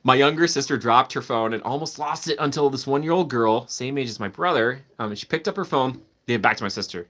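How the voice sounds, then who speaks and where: A man hosts a relaxed live stream and talks in an easy, chatty way. He is eager and laughs often while he answers his viewers by name. His voice sits at an ordinary middle pitch. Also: fairly quick, few pauses. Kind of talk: casual live-stream chat.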